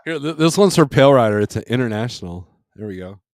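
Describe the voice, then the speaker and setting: At home and on a desk microphone, a man hosts a casual livestream, chuckling a lot as he rambles in a relaxed way. His mid-range, expressive voice is darkish and quick-paced. The studio sound is clean with no echo.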